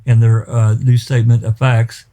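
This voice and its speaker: Dark-voiced defense lawyer rebutting in court. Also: male voice, medium pitch, flat delivery, moderate pace. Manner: pointed, emphatic rebuttal with many fillers. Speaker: defense attorney.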